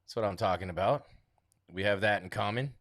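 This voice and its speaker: A man with a lowish voice hosts a casual live stream at a fairly quick pace, chatting about an upcoming fight and reading viewer comments aloud. The studio sound is clean with no room sound, and he sometimes trails off quietly.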